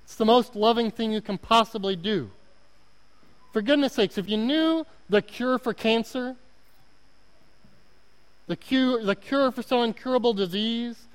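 A man's voice: very high-pitched, clear, resonant tone. A man with an Oklahoma accent preaching a sermon as a guest pastor, earnest and self-deprecating, repeating words for emphasis. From Oklahoma, United States. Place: church. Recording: long hall reverb.

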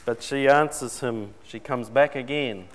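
A man's voice: medium pitch, a little slow. A man preaching a sermon in a conversational way, putting questions to his congregation. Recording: long reverb in a large hall.

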